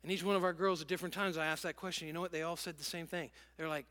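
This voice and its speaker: A man's voice: on the high side, steady tone, racing, hardly any pauses. A middle-aged male pastor preaching a sermon in an earnest way, often repeating words and restarting. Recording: music playing softly behind.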